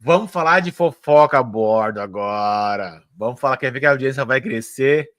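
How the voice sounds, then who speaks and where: A man, hosting a casual live interview and asking chatty, rapid questions. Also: mid-range voice, fairly bright tone. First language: Portuguese. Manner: chatty, quick-firing questions. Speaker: host.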